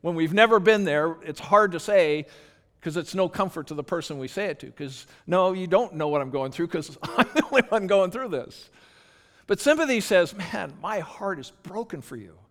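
Preaching with long hall reverb around him, this pastor sounds earnest and conversational and often starts his sentences over. He speaks at a normal pace in a high, animated, fairly bright voice.

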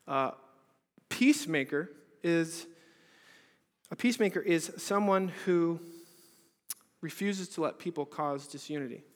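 A pastor preaching an earnest sermon at a church service, asking many rhetorical questions and moving between loud and hushed delivery. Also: male voice, on the high side, a little slow, pauses often. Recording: reverberant hall.

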